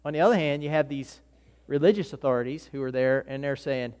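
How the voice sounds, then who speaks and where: Preaching a sermon, a pastor with a medium-pitched, darkish voice moves fairly quickly. He tells stories conversationally, acts out voices, and keeps restarting sentences, with long hall reverb in the recording.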